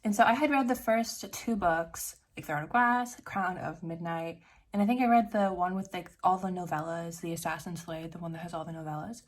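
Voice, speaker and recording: A young woman in her twenties chats to her camera in a relaxed vlog. She rambles from one thing to the next. She fills her sentences with "like" as she goes. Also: lowish voice, moderate pace. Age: 20s. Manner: chatty, rambling, lots of "like". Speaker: vlogger. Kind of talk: casual vlog chat.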